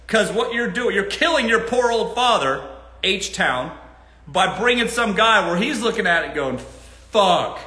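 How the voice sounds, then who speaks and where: A blunt, animated man hosts a casual live Q&A and swears freely. His voice is high and bright, and his pitch swings widely. The sound is roomy, with an echo around it. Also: unhurried, a little hiss or hum. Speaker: host.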